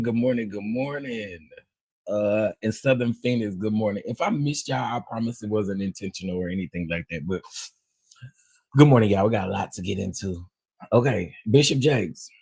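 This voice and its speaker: Husky-voiced man greeting livestream viewers. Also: fairly low pitch, dry recording. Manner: animated, greets viewers one by one, playful. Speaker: livestream host. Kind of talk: casual livestream chat.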